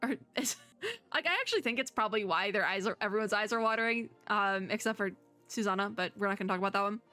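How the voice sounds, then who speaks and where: A woman's voice: medium pitch, fast talker, pushed and bright, soft background music. A woman streamer chatting and giggling through a game while reading its story aloud. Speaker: gaming streamer. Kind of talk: casual gameplay commentary.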